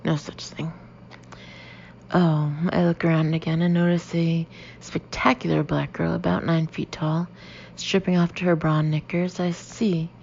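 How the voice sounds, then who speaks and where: Female audiobook narrator, low gravelly voice, lively reads, dull lo-fi sound with faint hiss. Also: moderate pace. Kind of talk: first-person audiobook narration.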